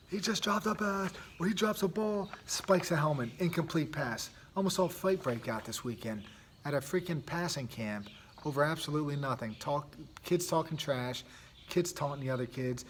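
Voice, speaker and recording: A man's voice: mid-range voice, a little hiss or hum. Earnest man musing about hardship. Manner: earnest, restarts often, tag questions like "right?". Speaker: podcast host, youth sports coach. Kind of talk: casual monologue.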